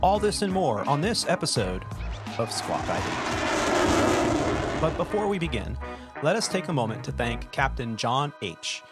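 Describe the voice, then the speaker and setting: A man in his forties hosting a podcast and telling lively, laugh-filled stories, then reading a scripted show intro. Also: mid-range voice, a little slow, over loud music. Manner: animated storyteller who laughs often. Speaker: podcast host and airline pilot. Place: home studio.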